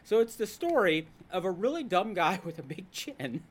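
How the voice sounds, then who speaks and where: A male podcast host in casual chat, ranting and joking as he tells a story. His voice sits a little high and swings widely in pitch, rising and dropping sharply for comic effect. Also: normal speed, slightly rough. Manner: animated, ranting, jokey storyteller.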